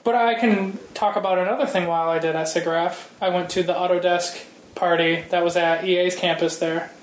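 A man's voice: sits high, steady tone. Enthusiastic man in an echoey room. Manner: enthusiastic, casual, halting. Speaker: guest. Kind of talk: casual chat. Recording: roomy echo.

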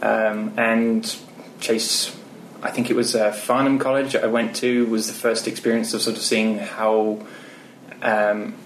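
A man's voice: lowish voice, flat delivery, unhurried, a little hiss or hum. A British man giving a casual, rambling interview answer with many ums. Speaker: guest. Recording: roomy echo.

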